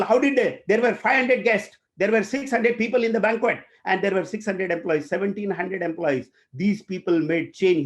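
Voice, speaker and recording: High-voiced Indian English trainer storytelling. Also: male voice. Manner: animated storyteller, addresses audience directly. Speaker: corporate trainer. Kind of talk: motivational storytelling talk.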